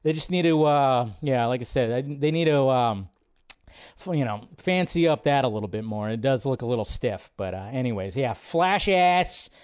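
A man hosting a live stream, reacting to a movie trailer in casual, excitable commentary, swearing freely and chatting in asides. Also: medium pitch, normal speed, clear, resonant tone. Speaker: host.

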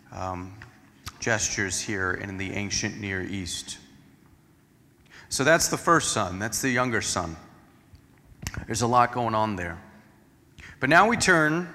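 A male pastor preaches with a forceful, bright voice, walking through a passage and acting out its quotes. His voice trails off in a long church reverb. He has a mid-pitched, explanatory delivery. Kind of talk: expository sermon.

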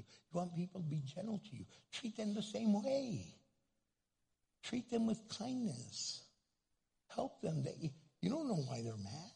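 A male pastor preaching a sermon with a husky voice, animated and playful, acting out grumpy people in comic asides. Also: high-pitched. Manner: animated, acts out angry churchgoers in comic asides.

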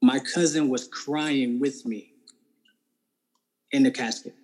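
A man's voice: mid-range voice, fairly even intonation, slow, a little mellow, slightly rough, rough recording. A man being interviewed, telling his personal faith testimony in a casual, earnest way and often checking in with "right?". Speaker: interview guest.

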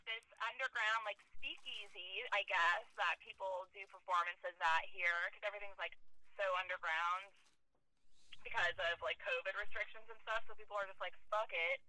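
A woman from Massachusetts tells a story in loose, casual chat. Her voice is very bright and she swears freely. The sound is close and completely dry, with no room around her. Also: medium pitch, moderate pace, no echo, poor audio. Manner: animated, swears freely, acts out quotes. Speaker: stand-up comedian calling in.

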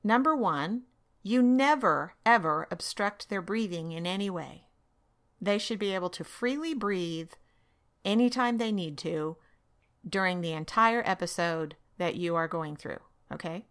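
A woman hosting a parenting podcast, giving calm, firm instructions in a monologue and often checking in with "okay?". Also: on the low side, measured pace.

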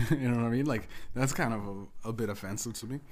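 A man's voice: medium pitch, a little fast. Rambling, profane male podcast host. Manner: rambling, profane, lots of restarts. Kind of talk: casual storytelling.

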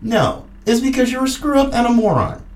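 A woman's voice: on the high side, lively intonation, fairly quick, a little mellow, far from the mic. A woman hosting a political commentary podcast, ranting in an angry, mocking, sarcastic way. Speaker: podcast host. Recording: echoey room.

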